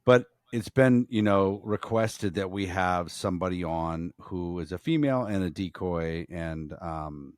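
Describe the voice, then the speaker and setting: Casting: very low male voice, rambling podcast co-host, swears freely. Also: measured pace, few pauses, darkish tone, no room sound, studio quality. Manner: rambling, frequent fillers and restarts, profane. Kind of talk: casual podcast chat.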